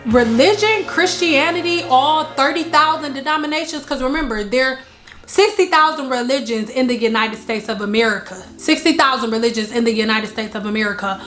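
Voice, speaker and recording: A woman with a fairly high voice gives a casual spiritual talk to camera. She is emphatic, repeats her lines for stress and tells stories with energy. Soft music plays faintly behind her. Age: adult, married. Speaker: spiritual vlogger.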